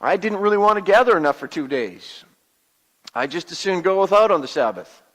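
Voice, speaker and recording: A plainspoken Israelite father, played by a male pastor, confiding his doubts in a high, light voice. His words ring out with a long reverb, as from a church hall. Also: expressive, fairly bright tone. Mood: reflective. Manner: storytelling, confiding, halting repeats. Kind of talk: first-person dramatic monologue.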